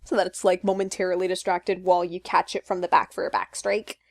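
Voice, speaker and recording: A woman's voice: on the low side, level tone, fast, vocal fry, no room sound, clean studio sound. A woman co-hosting a podcast, chatting casually and upbeat with lots of fillers. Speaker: podcast co-host. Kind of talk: casual chat.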